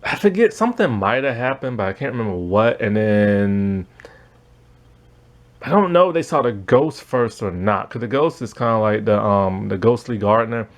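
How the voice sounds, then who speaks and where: A man's voice: on the low side, expressive, moderate pace. Guy rambling thru a cartoon review, voice bouncing up and down, laughs a lot. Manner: rambling, laughs often, many fillers. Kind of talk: casual spoken review.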